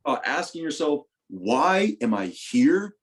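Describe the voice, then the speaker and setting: In a candid interview, a young retired football player recounts his story, swearing freely and talking with animation. His voice is a little high, sing-song, and unhurried, moving between loud bursts and hushed asides.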